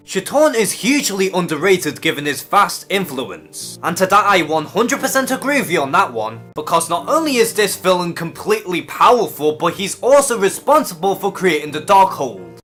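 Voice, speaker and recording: Young Scouse male YouTube host, bright and forceful, blunt with plenty of swearing. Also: high voice. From England. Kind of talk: comment response commentary.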